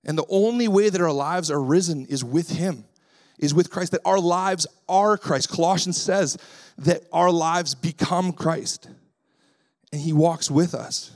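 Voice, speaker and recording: Lively pastor preaching in a conversational way. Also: male voice, on the high side, unhurried. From Canada. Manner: conversational preaching with personal family stories; lively, acts out his own voice when quoting himself. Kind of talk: sermon.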